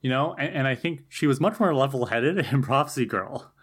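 A man's voice: mid-range voice, animated, brisk, fairly bright tone, slightly rough. A man co-hosting a podcast in casual chat, thoughtful and analytical, laughing easily. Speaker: podcast co-host.

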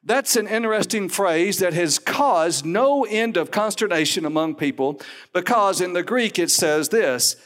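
A man's voice: high-pitched, fairly bright tone. A man preaching a sermon to a congregation, emphatic and teacherly, with sarcastic asides.

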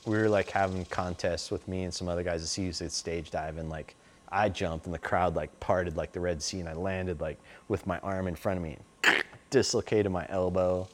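A man's voice: deep voice, fairly even intonation, moderate pace. A middle-aged man telling stories in a loose, rambling way, full of "like" and "you know". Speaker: interview guest. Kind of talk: casual storytelling.

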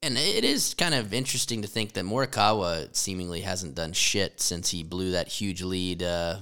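A man co-hosting a podcast in casual chat, profane and quick to laugh. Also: deep voice, lively intonation, pushed and bright, smooth. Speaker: podcast co-host.

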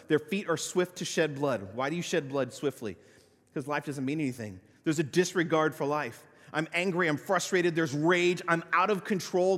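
A male pastor preaching a sermon, swinging between loud emphatic peaks and quiet, low-voiced asides. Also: big-room sound. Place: church sanctuary.

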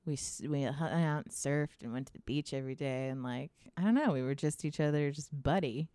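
A young woman with a notably low voice tells a frank, laugh-filled personal story in a relaxed chat. She swears freely and acts out other people's lines. The recording is dry and close, with no room sound. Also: a little fast, smooth, no room sound. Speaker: podcast guest sharing a personal story. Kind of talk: casual chat.

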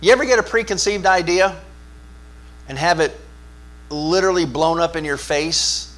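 A man delivers a sermon in a somewhat high voice, chatting with his congregation and putting questions to them. He swings from quiet, low asides to loud, forceful peaks of emphasis. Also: normal speed. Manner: conversational, asks the congregation questions. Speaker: pastor.

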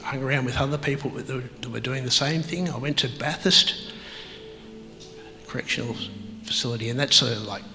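A man telling his life story as an interview guest, halting and reflective, with many pauses and fillers. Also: mid-range voice, in a large hall, music in the background, low-quality recording. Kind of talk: personal testimony in an interview.

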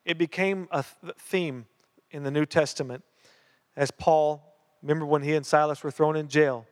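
A man's voice: fairly high pitch, steady tone, normal speed. A man preaching a sermon as pastor, telling a story in an earnest way and repeating key phrases. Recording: long hall reverb.

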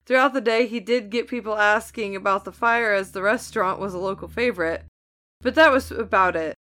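A woman's voice: medium pitch, a little fast, fairly bright tone. A woman co-hosting a podcast in casual chat, reading a story aloud and joking with laughs and swearing. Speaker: podcast co-host.

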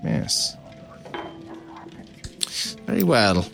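A man's voice: a bit bright, faint music behind. A man voicing a guarded, proud male owner of racing dinosaurs, speaking formally with hesitations. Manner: halting, formal.

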